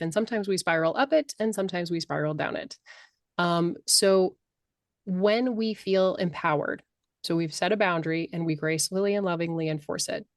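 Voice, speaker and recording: A middle-aged woman talking as a life coach on a podcast, passionate and animated. Her voice sits a little low. The sound is close and dry. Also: dry recording. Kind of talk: podcast interview.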